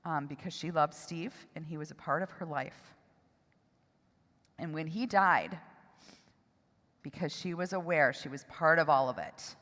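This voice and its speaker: Woman, middle-aged, lowish voice, emotional halting testimony, long hall reverb. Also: expressive, fairly bright tone. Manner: emotional, halting, with pauses and restarts. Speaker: seminar speaker. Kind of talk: personal testimony talk. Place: church hall.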